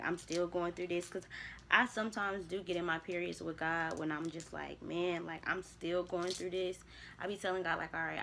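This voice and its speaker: Talking openly to herself on camera, this young woman vlogger muses about spiritual growth with some casual cursing. She has a deep, gravelly voice that is a bit bright. There is slight background noise.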